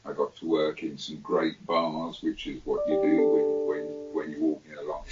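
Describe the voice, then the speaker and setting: Deep-voiced London man, laughing raconteur. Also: completely flat delivery, normal speed, over loud music. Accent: London English. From England. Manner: chatty, laughs often, playful asides. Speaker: guest. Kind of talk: casual conversation. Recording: distant roomy dull remote audio.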